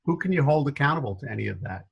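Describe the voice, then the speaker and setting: A middle-aged man with a faint New York accent, a guest telling stories in an interview, animated and self-deprecating, laughing often. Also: medium pitch, very fast, gravelly, breathy edge, dull audio. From New York area. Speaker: guest consultant. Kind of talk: storytelling interview answers.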